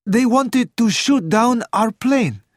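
A man's voice: sits high, animated, slow pace, dry recording, studio quality, pitched above the performer's own voice, heavily acted. A man reading an audiobook and voicing a sad, anxious young prince with an earnest, pleading manner. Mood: troubled.

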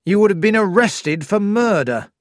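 Playing an eager, polite police inspector with emphatic speech, a reader uses a medium-pitched voice raised a bit, still close to everyday speech, with lively intonation. He keeps a moderate pace, and the clean studio sound has no echo.

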